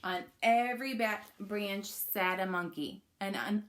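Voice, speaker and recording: A woman reads a picture book aloud to young children in a slow, unhurried way, often stopping to invite them to join in. Her voice is bright and clear, and she talks warmly to her little listeners. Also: medium pitch, slight background noise. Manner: warm, coaxing, asks listeners to join in. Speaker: children's story reader. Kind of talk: storybook reading to children.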